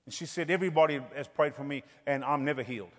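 A man preaching a sermon, telling healing stories and building to loud, fervent exclamations. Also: fairly high pitch, quick pace, long reverb tail. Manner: storytelling, rising to loud exclamations.

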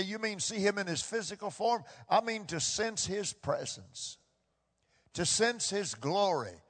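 A man with a high voice preaches a sermon, his delivery impassioned and swinging between hushed tones and loud bursts. He drives points home by repeating phrases. His voice rings with a long reverb, as in a large hall.

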